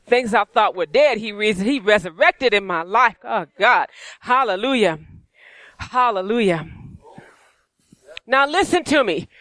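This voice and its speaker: A man preaching a sermon with fervent, repeated exhortations that at times sink into a low, intense prayerful murmur. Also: bright, forceful tone, smooth, dry recording.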